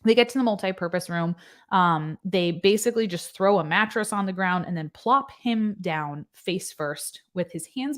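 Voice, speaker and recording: A woman nurse giving casual commentary, explaining medical points in plain, conversational terms. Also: medium pitch. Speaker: nurse reacting to a news case.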